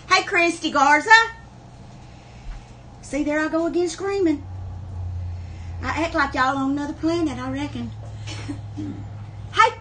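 A woman's voice: high voice, measured pace, pauses often, a bit bright, a little hiss or hum. A woman hosting a live online sale, chatting in a folksy way and greeting viewers by name. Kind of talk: livestream chat. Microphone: camera on a wobbly tripod.

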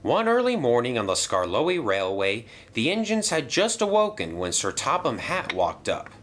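A man narrating a toy train story in a lively storytelling manner. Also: medium pitch, normal speed, slight background noise.

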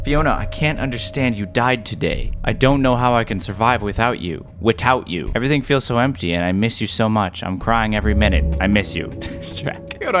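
A young man playing a horror game and commenting, swinging from low mumbles to shrill yelps. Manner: excitable, flips from mumbling to high-pitched yelps. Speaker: gaming YouTuber. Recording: game music behind the voice.

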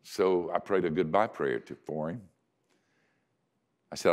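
An older man, a pastor, telling a story in a sermon with dry self-mocking humor, swinging from loud emphasis to hushed quiet. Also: low voice, a little slow, long pauses.

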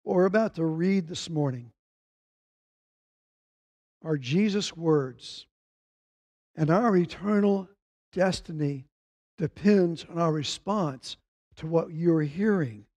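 Male preacher, high voice, sermon, quotes scripture with rising emphasis. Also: slow, pauses often, mellow. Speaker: pastor.

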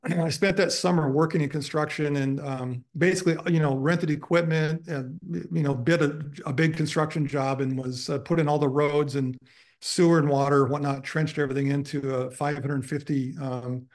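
A man in his sixties giving a guest lecture, telling long self-deprecating stories with many fillers. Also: a little high. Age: 60s. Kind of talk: anecdotal lecture storytelling. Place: university lecture room.

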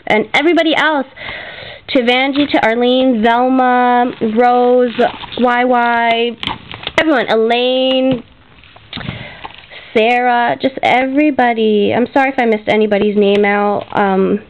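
A woman with a fairly high voice chats through a casual craft vlog, thanking a friend over and over. She talks in gushing runs packed with fillers and sounds emotional, close to tears. The home video sound is dull and lo-fi. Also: fairly even intonation, a little slow, slight background noise. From Canada. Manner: gushing, grateful, chatty with many fillers. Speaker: craft vlogger.

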